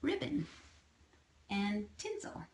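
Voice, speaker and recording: A woman chatting casually on a home livestream while fostering kittens, cooing at them in soft baby talk. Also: mid-range voice, very animated, takes it slowly, poor audio.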